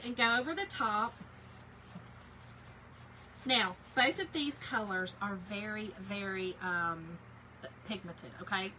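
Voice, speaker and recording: Bright-voiced chatty woman. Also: fairly high pitch, a little hiss or hum, low-quality recording. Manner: chatty, chats with viewers while working, many fillers. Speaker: craft business owner demonstrating on a livestream. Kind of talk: casual livestream craft tutorial.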